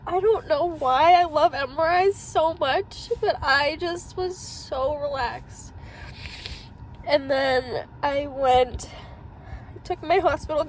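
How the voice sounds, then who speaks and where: Brief: young woman, very high voice, slow unhurried delivery, teary and shaky, phone vlog in a car, faint hum behind. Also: low-quality recording. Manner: talks through tears with shaky laughs. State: tearful, crying. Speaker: vlogger. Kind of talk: emotional personal vlog.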